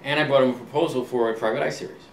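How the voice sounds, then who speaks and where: A man in his sixties, an author being interviewed, telling relaxed anecdotes and acting out old conversations, with frequent ums and restarts. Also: mid-range voice, very fast. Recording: roomy, distant mic, faint ambient hum.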